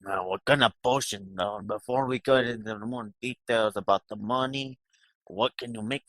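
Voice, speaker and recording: Man player, mid-pitched, casual, rambly questions. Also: normal speed, a bit bright. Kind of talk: casual tabletop role-play.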